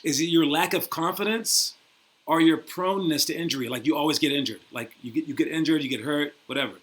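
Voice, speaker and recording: This basketball program host and coach is a young adult man with a fairly high, fairly bright voice and a quick pace. Rambling and motivational, he keeps asking "all right?" while teasing his guest and laughing readily in a casual interview.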